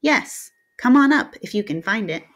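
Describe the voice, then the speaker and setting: A woman's voice: on the high side, animated, normal speed. A woman voicing an earnest, plain-spoken teenage boy who lives alone in the wilderness.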